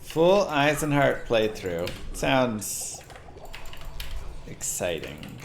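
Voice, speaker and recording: Lively joking male game streamer. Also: mid-range voice, drawn-out words, creaky, noisy background. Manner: joking, chatty asides to viewers. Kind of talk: casual gameplay commentary.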